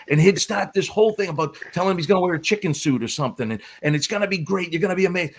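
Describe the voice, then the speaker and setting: A man who is a former wrestling referee, guest on a podcast, telling stories in an animated, laughing way. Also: fairly high pitch, quick pace. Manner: animated storyteller, breaks into laughs. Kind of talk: casual storytelling on a podcast.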